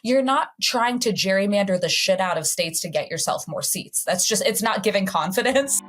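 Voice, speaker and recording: A woman in her thirties, a guest political commentator, talking candidly and quickly with frequent 'like' and laughter. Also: mid-range voice, animated, a bit bright, a little hiss or hum. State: seven months pregnant. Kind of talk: casual political chat.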